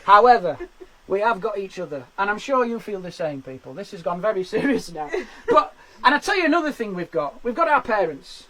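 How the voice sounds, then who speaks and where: A man doing stand-up from his garden shed, with quick self-deprecating patter and laughs at his own jokes. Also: high voice, big pitch swings, fairly bright tone, poor audio. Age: 40s. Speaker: stand-up comedian. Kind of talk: live-streamed stand-up.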